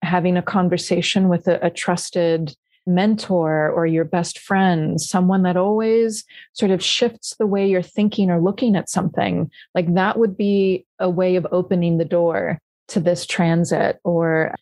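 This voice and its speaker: An astrology podcast co-host with a lowish, mellow voice and fairly even intonation reflects slowly on mythic images in casual conversation. She speaks haltingly, restarting sentences as she gathers her thoughts. The recording is close and dry, with no room sound.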